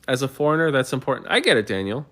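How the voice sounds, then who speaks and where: A man's voice: mid-range voice, very animated, very fast, a bit bright. A man hosting a livestream, answering viewer comments in a heated, argumentative way with many stumbling restarts. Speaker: livestream host.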